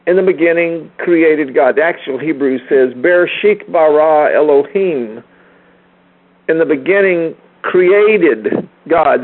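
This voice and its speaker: Sixties man, earnest teacher on a group call, emphatic repeater, heard through a thin phone line. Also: a little high. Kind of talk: informal teaching talk.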